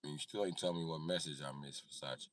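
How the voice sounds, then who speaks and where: A man's voice: rumbling low, fairly even intonation, quick pace, dry recording, studio quality, recorded from a distance. A man in his thirties hosting a live stream, rambling casually and profanely and answering his chat. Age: 30s. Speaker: livestream host.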